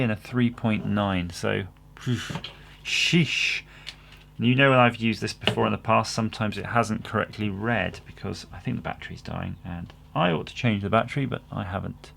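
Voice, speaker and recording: Gravelly man rambling at his workbench. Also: mid-range voice, a bit bright, slight background noise. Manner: rambling and self-deprecating. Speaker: electronics kit builder, channel host. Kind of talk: casual workbench commentary.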